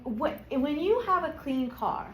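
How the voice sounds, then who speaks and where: Female speaking coach, upbeat, higher voice, keeps asking "right?", echoey room with faint noise. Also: unhurried. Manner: energetic, keeps checking in with "right?". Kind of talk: live workshop teaching. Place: workshop room.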